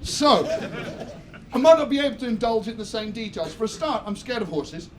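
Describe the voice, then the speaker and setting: Young man with a Southwest English accent doing confessional stand-up, fairly high voice, noisy club. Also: lively intonation, brisk. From Somerset, England. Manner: chatty, self-mocking, confessional. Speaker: stand-up comedian. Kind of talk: stand-up comedy set. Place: comedy club stage. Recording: noisy live comedy club.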